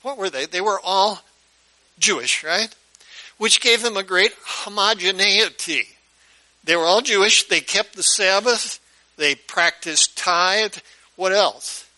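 A man's voice: high voice, takes it slowly, bright, forceful tone, low-quality recording. A male pastor preaching a sermon in a conversational storytelling way, often putting questions to his listeners.

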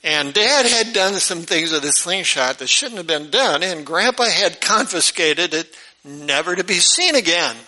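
A pastor tells a lively story from the pulpit and jumps into the characters' voices as he goes. His voice is high for a man and very bright and sharp. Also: unhurried, low-quality recording. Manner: animated, acts out the characters' voices. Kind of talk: storytelling sermon.

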